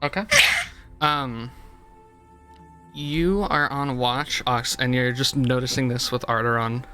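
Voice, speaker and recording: A man narrating a tabletop game as game master, with halting, filler-heavy delivery. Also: mid-range voice, fairly even intonation, bright, forceful tone, soft background music.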